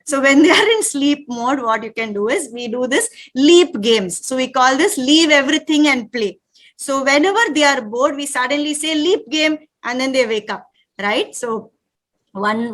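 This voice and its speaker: Indian woman, 30s, workshop leader; high, sharp voice, calls clap drills to the room. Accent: Indian English. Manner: lively, calls out commands in rapid drills. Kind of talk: live parent workshop, leading clapping games. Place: room with a live audience.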